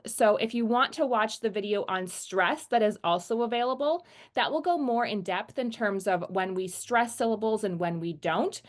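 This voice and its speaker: A woman teaching a phonics lesson in a patient, clear way. She slows down to act out each sound and checks in with her listeners. Her voice sits at an ordinary middle pitch. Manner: patient, explains slowly and models sounds.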